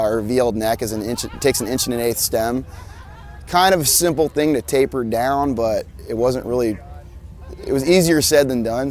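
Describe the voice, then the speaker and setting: A mid-pitched man from Alabama talks through his chopper build at an outdoor bike show. He is loose and laid-back, restarting sentences and swearing freely as he explains. The feel is an off-the-cuff interview, not a prepared speech. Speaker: motorcycle builder. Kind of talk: casual interview.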